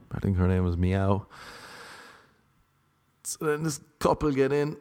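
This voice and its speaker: A man with an Irish accent telling rambling, self-mocking stand-up stories in a deadpan way. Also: on the low side, moderate pace. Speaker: comedian. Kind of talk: stand-up storytelling.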